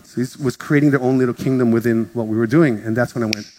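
A man's voice: medium pitch, fairly even intonation, quick pace, warm tone. A man preaching a sermon as pastor, telling stories in a casual, joking way and acting out the voices of others. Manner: casual storytelling, acts out voices, jokes with congregation. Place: church in front of a congregation. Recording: music playing under the speech. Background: music.

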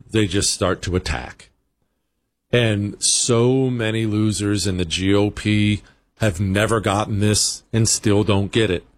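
A man's voice: lowish voice, dry recording. A man hosting a talk radio show, delivering a sarcastic, combative monologue.

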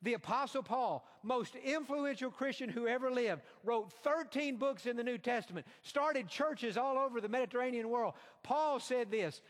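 Guy preaching a sermon, kinda high voice, long echo in the room. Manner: earnest, slow emphatic delivery with quoted asides.

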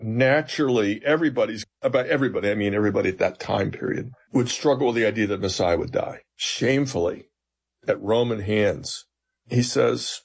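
A man's voice: lowish voice, brisk, creaky, slightly rough. A man, a seminary professor, explaining scripture in an interview and retelling stories with emphatic quoted dialogue.

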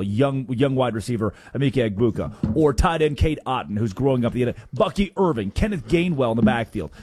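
A man hosting a sports talk radio show, animated and quick to jump in, often repeating himself. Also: medium pitch, slightly rough, dry recording.

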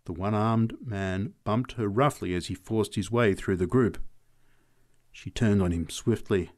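A man reading a short story aloud as the narrator, in a measured storytelling manner. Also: lowish voice.

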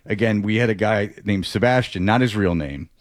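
A man's voice: fairly low pitch, moderate pace, no room sound, studio quality. Sarcastic, rambling male radio host. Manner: rambling, sarcastic, restarts often. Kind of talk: casual sports talk.

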